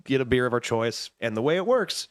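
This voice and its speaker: A man on a friends' podcast explains a drinking game at a fast clip. His voice sits in the middle for a man, recorded close and dry. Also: medium pitch, big pitch swings, no echo. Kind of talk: casual chat.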